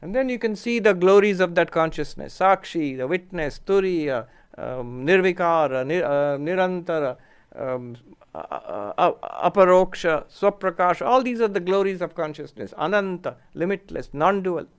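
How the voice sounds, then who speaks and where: A man gives an unhurried spiritual lecture, reflecting aloud and pausing over terms. His voice is smooth and resonant, sitting slightly high for a man. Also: expressive. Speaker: spiritual teacher. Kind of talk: lecture with audience questions.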